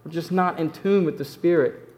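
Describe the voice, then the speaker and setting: Emphatic preacher with a higher voice. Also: male voice, normal speed, a little mellow. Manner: conversational and emphatic, repeating key phrases. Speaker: pastor. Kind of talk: sermon.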